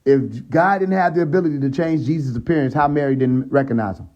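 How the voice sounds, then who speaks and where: A man's voice: fairly high pitch, fast talker, a little mellow, lo-fi sound. A man on a phone live stream, retelling a scripture story in casual, profane street talk and checking in with his viewers. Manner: retells the story with acted quotes and laughs at his own jokes. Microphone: phone mic on a social live stream.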